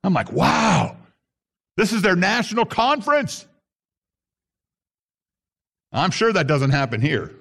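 A man's voice: sits high, big pitch swings, slow, creaky, pauses often, fairly bright tone. A man preaching a sermon to his congregation, reading scripture and acting out the grumbling voices. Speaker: pastor.

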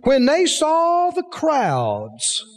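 A man's voice: very high-pitched, huge pitch swings, drawn-out words, long reverb tail. A man preaching a sermon, emphatic, asking the congregation rhetorical questions.

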